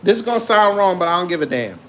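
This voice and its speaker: High-voiced man mocking with laughter. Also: very animated, fast, slight background noise. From immigrant to the United States. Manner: joking, mocking, laughs often. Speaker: commentary show host. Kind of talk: casual reaction commentary.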